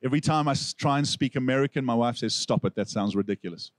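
A man with a South African accent preaching a sermon, telling stories with lively delivery and acting out the people he quotes. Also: mid-range voice, fast talker, no echo. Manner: animated storytelling, acts out quoted figures. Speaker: pastor.

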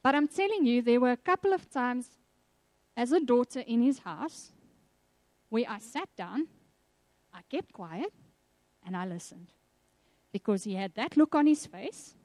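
A South African woman preaching a sermon, telling personal stories in a lively way and acting out the voices she quotes. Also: fairly high pitch, unhurried, long pauses, dry recording.

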